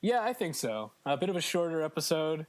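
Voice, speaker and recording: A man's voice: on the high side, very animated, fairly quick. A man co-hosting a casual gaming podcast, chatty and joking with frequent fillers. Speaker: podcast co-host. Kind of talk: casual chat.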